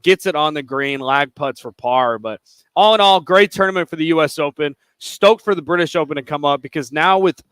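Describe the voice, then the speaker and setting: A man's voice: a little high, a little fast, fairly bright tone, clean tone, no echo. A man co-hosting a sports radio show, talking loosely and chattily with lots of filler words. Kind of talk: casual sports chat.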